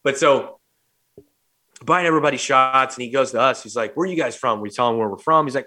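A man's voice: mid-range voice, fast talker. A man from St. Louis hosting a podcast, telling a story casually and acting out the quotes with plenty of swearing. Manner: animated, swears freely, acts out quotes. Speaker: podcast host.

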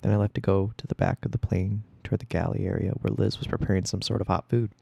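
A man reading a first-person story aloud in a steady storytelling voice. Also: low-pitched, fast talker, vocal fry, husky, no echo, dull audio. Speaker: audiobook reader.

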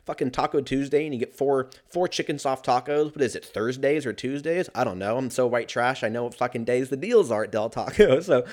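A man's voice: mid-range voice, brisk, hardly any pauses, darkish tone. A man telling a story in a casual, profane, rambling and sarcastic rant.

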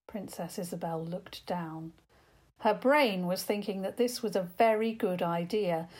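A woman narrating a children's story aloud, gently and expressively. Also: medium pitch.

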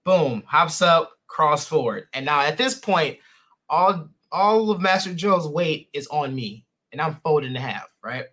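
A man hosts a relaxed podcast conversation in a bright, forward voice that sits a little high. He rambles through his stories, full of fillers and restarts. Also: measured pace. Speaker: podcast host. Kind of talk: casual interview chat.

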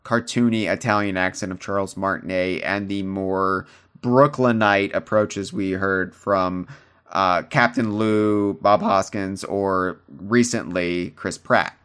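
A man's voice: low voice, steady tone, slow pace, fairly bright tone, clear, resonant tone. A man co-hosting a podcast, chatting casually and rambling with restarts and fillers. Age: adult, calls himself old. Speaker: podcast co-host.

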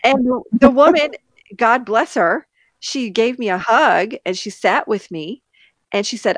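Woman, podcast co-host, candid animated storyteller, close dry mic. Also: fairly high pitch, a little slow, no room sound. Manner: animated, candid, laughs between sentences. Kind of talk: casual storytelling chat.

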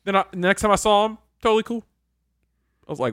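A young man co-hosting a podcast, telling stories in loose casual chat. He acts out the people in them with sudden leaps in pitch and quick laughs. The recording is dry and close. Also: clear, resonant tone, dry recording. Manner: animated storyteller, acts out voices with big pitch jumps and laughs. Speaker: podcast co-host.

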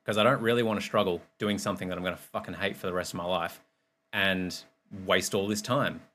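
A man's voice: sits low, steady tone, fairly quick, a bit bright. Candid, swearing man. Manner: candid, rambling, swears freely. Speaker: podcast host and personal trainer. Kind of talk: casual monologue, also streamed live.

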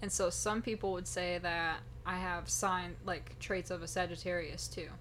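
A young woman co-hosting a casual podcast, playful and quick to laugh. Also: on the low side, fairly even intonation, a bit bright, a little hiss or hum. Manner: giggly, playful, laughs often. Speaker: podcast co-host. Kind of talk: casual chat.

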